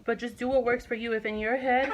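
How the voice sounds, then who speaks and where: A woman's voice: fairly high pitch, little pitch movement, fast talker, slight background noise, poor audio. A woman in her twenties speaking to her viewers in a personal vlog, impassioned and emphatic, repeating points for stress. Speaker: vlogger.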